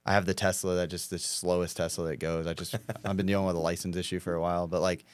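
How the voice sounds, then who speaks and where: A man's voice: deep voice, flat delivery, fast, no room sound. A young man in casual chat, rambling with lots of fillers and swearing. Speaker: podcast guest, prankster.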